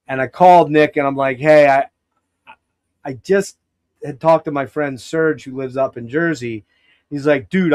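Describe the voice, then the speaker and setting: Long-winded man telling a rambling story. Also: medium pitch. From Pennsylvania, US. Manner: long-winded storyteller, many restarts and quoted asides. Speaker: podcast host. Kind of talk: casual rambling chat.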